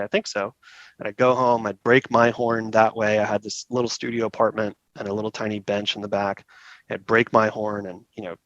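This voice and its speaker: Low-voiced chatty man telling stories. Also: no echo, highs cut off. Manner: relaxed, chatty, laughs often, acts out quoted people. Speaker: saxophone repair technician, guest. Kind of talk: casual storytelling interview.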